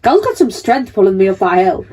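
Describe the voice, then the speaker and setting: A woman's voice: mid-range voice, very animated, brisk, warm tone, husky. A young woman, co-hosting a podcast and retelling funny mishaps in a chatty, dramatic way. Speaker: podcast co-host. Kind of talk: casual chat.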